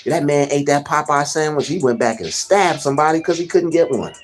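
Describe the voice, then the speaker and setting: A young man hosting a casual livestream, rambling and giving shout-outs to chatters by name. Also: on the high side, a little fast, faint music behind. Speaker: livestream host.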